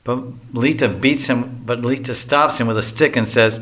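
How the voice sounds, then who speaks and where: A man's voice: mid-range voice, fairly even intonation, moderate pace, hardly any pauses, a bit bright. A man reading a devotional story aloud, adding casual asides to explain. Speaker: reader.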